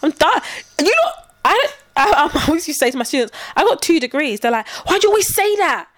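A woman's voice: sits high, fast, no echo. Dry-sounding woman telling stories. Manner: animated storyteller, acts out quoted dialogue. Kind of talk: casual chat.

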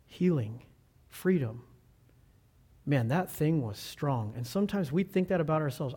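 A man preaching a sermon as a pastor, telling a story and asking the congregation questions, swinging between loud exclamations and quiet low asides. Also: expressive, unhurried, slightly rough.

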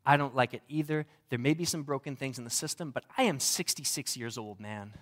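A man's voice: mid-range voice, a little fast, fairly bright tone. A young adult man, a pastor, preaching a sermon in a conversational, humorous way. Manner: conversational and humorous, varied delivery.

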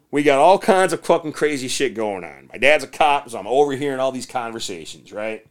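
A man's voice: medium pitch, lively intonation, fairly quick, few pauses. A man hosting a podcast, casually recapping a film with lots of swearing and silly acted-out bits of dialogue. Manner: crude, rambling, acts out scenes in silly voices. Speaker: podcast host. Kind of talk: casual movie recap with profanity.

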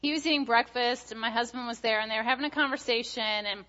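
Bright-voiced woman preacher, chatty. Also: a little high, fast, lo-fi sound. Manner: chatty, storytelling with filler words. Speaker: guest speaker. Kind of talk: sermon.

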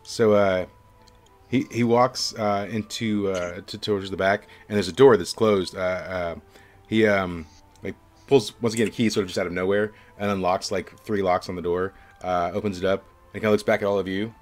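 A man's voice: low-pitched, fairly even intonation, moderate pace, soft background music. A young man narrating as game master of a tabletop game, rambling with lots of fillers.

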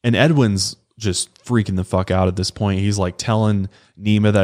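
A man's voice: fairly low pitch, fairly even intonation, moderate pace, few pauses, darkish tone. A man co-hosting a podcast, casually retelling a true crime case in a conversational way. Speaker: podcast co-host.

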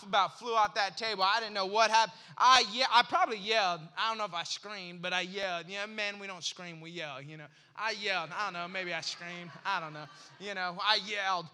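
High, bright and forceful, this man's voice belongs to a pastor in his forties. He delivers his sermon like a conversation, telling stories and playing out small dialogues in them.

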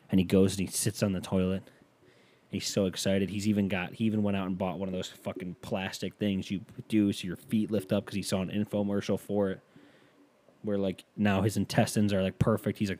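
A man's voice: sits low, flat delivery, a little fast, warm tone, no room sound. A male comedian doing crude comedic riffing in a rambling, profane way.

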